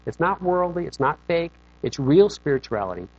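A man's voice: fairly high pitch, big pitch swings, moderate pace, dry recording. Casual, joking male pastor preaching. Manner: conversational and jokey, often asking "okay?". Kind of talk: sermon. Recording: dull lo-fi recording.

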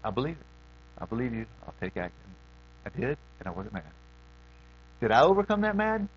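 A middle-aged man preaching a sermon in a folksy way, swinging between loud questions and hushed asides. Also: mid-range voice, big pitch swings, fairly quick, lo-fi sound, slight background noise.

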